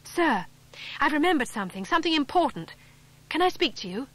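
A woman's voice: on the high side, lively intonation, normal speed, pushed and bright. Woman voicing an eager, urgent schoolboy. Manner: earnest and urgent. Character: eager, bright schoolboy Julian.

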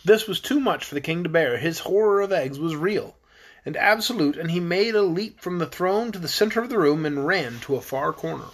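A man narrating a children's fantasy book in a steady storytelling manner. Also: high-pitched. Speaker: audiobook narrator. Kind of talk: storybook reading.

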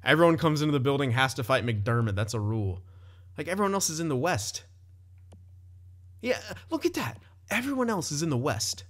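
A man's voice: on the high side, big pitch swings, fairly quick. A young man casually commenting on his own hockey game, chatty, often laughing and swearing loosely. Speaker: gaming commentator.

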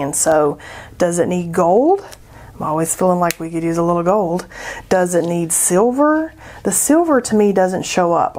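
Southern woman host of an art tutorial, chatty and self-laughing, slightly low-pitched. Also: a little mellow. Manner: chatty, thinking aloud, laughs at herself. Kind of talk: casual painting tutorial.

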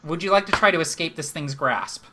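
A man's voice: on the high side, animated, fairly quick, background noise. A man narrating a live tabletop game as game master, chatty and laughing often, with lots of fillers.

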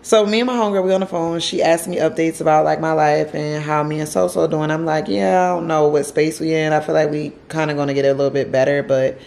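A woman talks straight to her camera at home, her voice sitting a little low. She tells a personal story in an emotional, loose way. She circles back over the same phrases and drops casual slang as she goes. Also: fairly even intonation, quick pace, creaky, few pauses, darkish tone. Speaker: vlogger.

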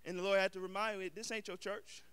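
A middle-aged man preaches a sermon to his congregation in a very high, bright, tense voice that rises to shouted emphasis. His tone is smooth and clear. He slips easily into casual street slang between his calls to the church. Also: flat delivery, fast. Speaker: pastor.

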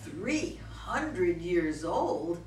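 An actress reading the part of an excitable newlywed bride in a slow, animated manner. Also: female voice, on the low side, slight background noise, exaggerated voice. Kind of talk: reader's theater stage reading. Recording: echoey hall from far off.

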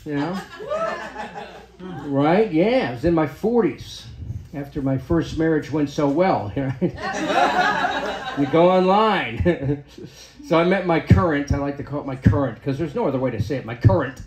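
A man's voice: fairly high pitch, sing-song, unhurried, pauses often, noisy background. A man in his fifties performing a crude, self-deprecating stand-up set in a comedy club, often tagging his lines with "right?". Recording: echoey comedy club room.

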